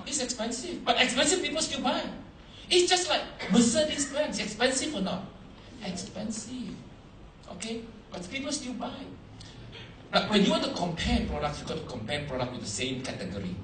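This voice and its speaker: A man giving a seminar talk to a live audience, animated, quizzing the crowd, in broken English phrasing. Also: high voice, normal speed, echoey room, distant mic, slight background noise, low-quality recording. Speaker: motivational speaker at a business seminar.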